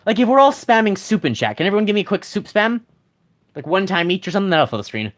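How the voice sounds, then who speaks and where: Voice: mid-range voice, very animated, quick pace. A game streamer chatting casually on a live stream, rambling with many restarts and reading chat messages aloud at a desk mic.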